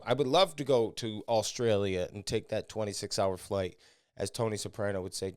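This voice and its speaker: A man's voice: lowish voice, fairly even intonation, moderate pace, a little mellow, clean tone, no room sound, studio quality. A man hosting his own podcast, rambling crudely and mocking himself between voicemails. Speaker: podcast host and comedian. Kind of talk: casual podcast monologue. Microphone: studio podcast mic.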